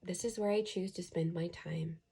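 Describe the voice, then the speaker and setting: A woman's voice: lowish voice, steady tone, normal speed, vocal fry, warm tone. A woman giving a casual pick-a-card tarot reading, chatty and earnest, reading card texts aloud and adding her own thoughts. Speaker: tarot reader.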